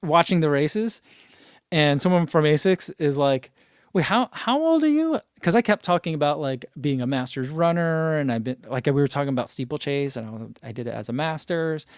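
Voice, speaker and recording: A man's voice: on the high side, a little fast, smooth, no echo. Chatty man in his forties, dry close sound. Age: 40s. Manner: chatty, laughs often, reads chat aloud. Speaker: running channel host. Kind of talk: casual live-stream chat.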